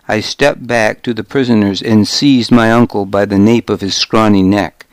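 A man narrating an audiobook in the first person, measured and even. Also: fairly low pitch, no room sound.

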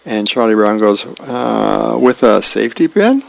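A man's voice: on the low side, very animated, measured pace, creaky, no echo, low-quality recording. A man, a volunteer radio reader, casually reading comic strips and birthdays aloud.

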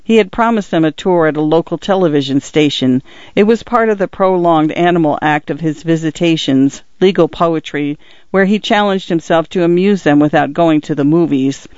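A man reading literary fiction aloud as an audiobook narrator, measured and expressive. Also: fairly high pitch, dry recording, dull audio.

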